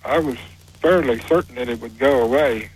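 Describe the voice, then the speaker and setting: A man calling in to a talk show, plain-spoken and halting as he tells his story. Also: mid-range voice, slightly rough, low-quality recording. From West Virginia. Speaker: caller. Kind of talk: telling a personal story on a call-in show.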